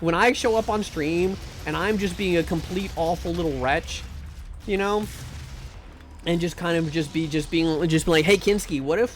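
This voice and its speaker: Male streamer, casual gaming chat, slightly high voice, rambling and crude jokes, faint background noise.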